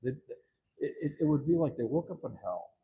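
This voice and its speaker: A man's voice: fairly high pitch, brisk, creaky, narrow, tinny audio, a little hiss or hum. A man giving a rambling, profane interview, acting out the people in his stories. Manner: profane, animated, acts out quoted people. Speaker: interview guest. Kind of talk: rambling candid interview talk.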